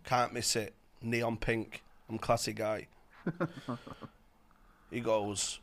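A man's voice: lowish voice, slow, creaky, long pauses. A man telling funny stories in a casual chat, swearing and laughing as he goes. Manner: animated storytelling, swearing, laughing.

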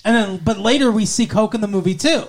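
High-voiced young man, rambling film chat. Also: quick pace. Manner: rambling, full of fillers and restarts. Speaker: podcast co-host reviewing a film. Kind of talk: casual conversation.

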